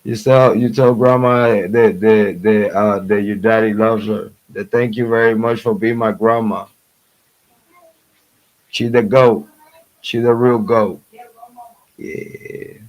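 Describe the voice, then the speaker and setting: A man's voice: fairly low pitch, fairly even intonation, takes it slowly, long pauses, dull audio. A man hosting a true crime livestream, chatting casually before the show with loose, profane trash talk, frequent laughter and playful affection for his family.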